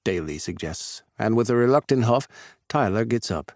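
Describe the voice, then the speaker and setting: A man narrating a romance audiobook in the first person with an expressive reading. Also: fairly low pitch, moderate pace, dry recording, clean studio sound.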